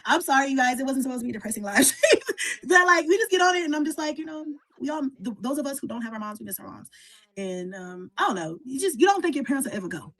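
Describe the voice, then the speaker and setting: Middle-aged woman, husky breathy voice, rambly soft livestream chat. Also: high-pitched, animated, fast. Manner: soft, rambling, with filler words. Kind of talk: emotional casual livestream chat.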